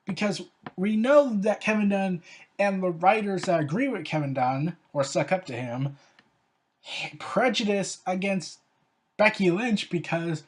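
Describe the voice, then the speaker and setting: A show host talking through a review in a loose, rambling way, peppering sentences with "like". The delivery is opinionated and slides into sarcastic rants, with a voice that sits at an ordinary middle pitch. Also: unhurried. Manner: rambling and opinionated, with frequent "like" fillers; ranting, with sarcastic asides. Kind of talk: casual spoken review.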